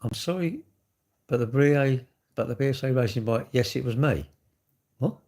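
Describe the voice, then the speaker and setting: A man's voice: medium pitch, normal speed, a little mellow. A man talking in a casual, rambling vlog monologue, full of rhetorical questions. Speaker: vlogger.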